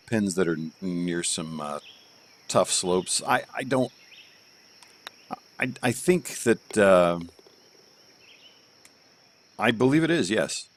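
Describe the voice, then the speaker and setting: A man's voice: fairly low pitch, lively intonation, slow pace, long pauses, slight background noise. A man streaming live, reviewing golf courses in a rambling, joking way from home and thinking aloud with plenty of fillers. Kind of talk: casual live game commentary.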